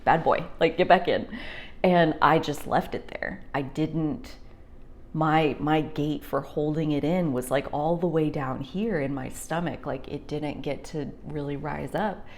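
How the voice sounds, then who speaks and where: A young woman talking through a heartfelt personal reflection, rambling with many fillers and sometimes dropping to a soft near-whisper. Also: low voice, steady tone, unhurried. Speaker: spiritual vlogger.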